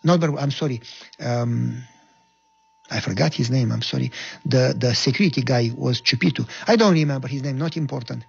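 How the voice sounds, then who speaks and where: Romanian man, gravelly and husky, earnest halting testimony, lo-fi sound. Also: medium pitch. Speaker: guest telling his life story. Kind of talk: personal testimony. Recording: lo-fi dull recording.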